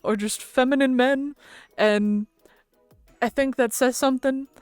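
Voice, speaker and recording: A woman's voice: high voice, steady tone, measured pace, smooth, no room sound, faint music behind. A woman streamer chatting casually with her viewers, rambling and laughing often into a close mic.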